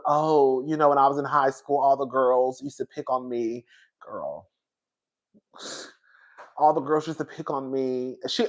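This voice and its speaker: A man hosting a casual reality TV review, talking in an animated, sassy way with frequent laughs and calling his viewers "girl.". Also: mid-range voice. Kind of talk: casual opinionated commentary.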